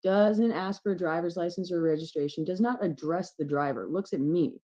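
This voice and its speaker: A woman guest telling a candid story in casual chat, swearing freely and getting animated as she goes. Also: on the low side, moderate pace, highs cut off. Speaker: podcast guest.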